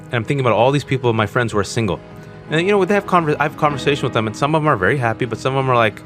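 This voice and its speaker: A man in his forties, a podcast guest, talking candidly as an animated storyteller, earnest and self-mocking. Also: medium pitch, racing, over music. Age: 40s. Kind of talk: candid conversational interview.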